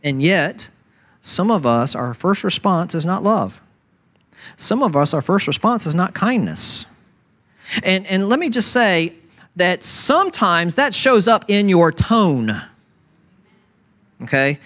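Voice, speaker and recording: Animated high-voiced male preacher. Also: takes it slowly. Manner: animated, acts out mocking voices of people; repeats "right?" to the congregation. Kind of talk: sermon.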